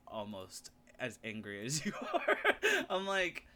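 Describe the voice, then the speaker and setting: Pria ekspresif dengan nada naik-turun. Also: male voice, lowish voice, a little slow. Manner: expressive, laughs often. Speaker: podcast co-host. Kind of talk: casual chat.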